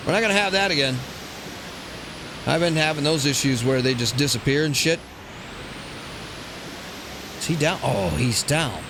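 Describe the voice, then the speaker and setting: A man hosting a let's play, rambling crudely and joking to himself over loud game sounds. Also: on the high side, moderate pace, pauses often, noisy background. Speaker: gaming channel host. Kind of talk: casual let's play commentary.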